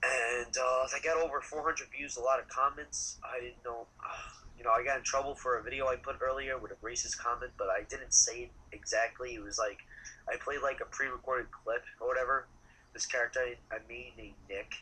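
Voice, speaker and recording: Male guest in a casual interview, very bright and forceful tone, rambling and loose with curse words. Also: mid-range voice, steady tone, slight background noise, rough recording. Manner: rambling, halting, casually profane. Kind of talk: casual chat.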